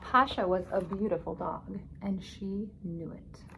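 A woman reading a children's picture book aloud, expressive and stopping to ask her young listeners questions. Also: medium pitch, measured pace, vocal fry, background noise. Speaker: storybook reader.

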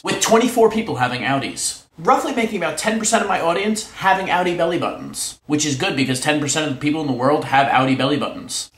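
A man hosting an upbeat fun-facts vlog, excitable and prone to shouting his catchphrase. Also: a little high, echoey room. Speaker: vlog host.

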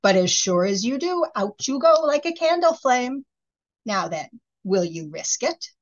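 A woman's voice: a little high, big pitch swings, measured pace, voice pushed up. A woman reading the lines of a fairy-tale king, who talks firmly and lectures the fairies, on a slightly muffled recording. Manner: lecturing, firm. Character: firm, reasonable fairy-tale king, middle-aged man.

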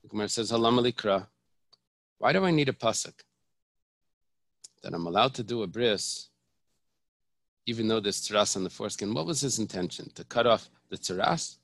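Explaining a Talmud passage one step at a time, a rabbi keeps restarting and repeating phrases and blends in Hebrew terminology. The dry recording captures his lowish, fairly bright voice moving a little fast.

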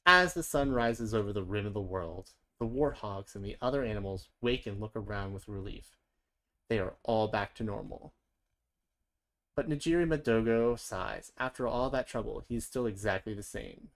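Storybook reader, gentle and playful, chatty asides between lines. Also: mid-range voice, moderate pace. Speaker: children's book reader.

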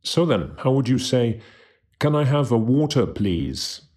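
A man giving a scripted language lesson who slowly and carefully demonstrates how to pronounce each word. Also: medium pitch, sing-song, a little mellow. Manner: slow, careful demonstration of pronunciation. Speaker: language teacher.

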